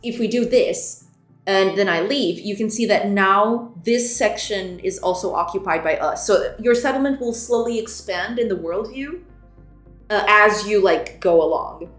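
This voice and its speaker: A woman's voice: mid-range voice, unhurried, roomy sound, faint music behind. A woman streaming her game development, chatting casually with frequent giggles and restarts. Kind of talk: casual live-stream chat.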